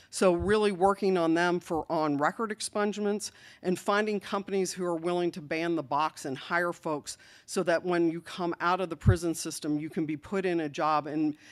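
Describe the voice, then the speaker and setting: A woman city official giving an earnest, deliberate speech at an evening panel event, stressing key words. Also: fairly low pitch.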